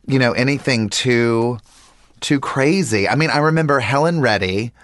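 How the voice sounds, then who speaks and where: A man chatting casually and telling animated stories, acting out the people he quotes. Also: medium pitch, moderate pace. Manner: animated storyteller, quoting others. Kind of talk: casual storytelling chat.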